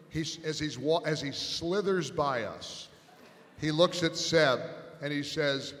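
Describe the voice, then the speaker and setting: Bright-voiced man telling a story on stage. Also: fairly high pitch, moderate pace. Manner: animated, builds to loud punchlines. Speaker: radio talk host on a panel. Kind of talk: live storytelling to an audience. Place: large event hall on stage. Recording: long reverb in a big hall.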